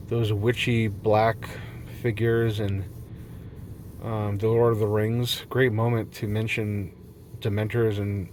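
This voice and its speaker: A man's voice: lowish voice, a little mellow, a little hiss or hum. A man rambling in a silly, free-flowing monologue, jumping between topics and laughing often, recorded outdoors in nature at night. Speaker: vlogger.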